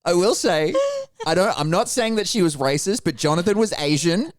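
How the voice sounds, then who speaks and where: A man co-hosting a podcast, telling crude, animated stories and acting out the people in them. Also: high voice, a little fast, dry recording, clean studio sound. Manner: animated, crude jokes, acts out voices. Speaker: podcast co-host. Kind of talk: casual chat, comic storytelling.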